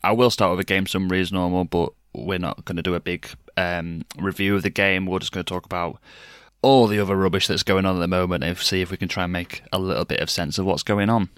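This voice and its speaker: A man's voice: sits low, steady tone, fast talker, few pauses, a bit bright, clear, resonant tone, no echo. A man hosting a casual football podcast, talking in a dry, sardonic way. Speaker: podcast host.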